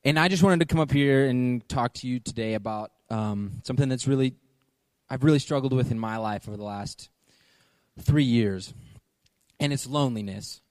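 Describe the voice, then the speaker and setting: A young college man gives an earnest, plain-spoken personal testimony. His voice sits at a medium pitch and sounds dry and close to the mic. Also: moderate pace, a little mellow, no echo. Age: young adult. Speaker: student leader.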